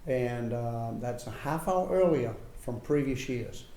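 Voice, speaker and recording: A man gives an unscripted report at a town meeting, slow and halting, with many fillers. His voice is gravelly and mellow. He is heard in a roomy hall over a faint hum. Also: medium pitch, animated. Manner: halting, full of fillers and restarts. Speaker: former town selectman giving a report. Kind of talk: informal spoken report at a public meeting. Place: town office meeting room. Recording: echoey room, faint hum.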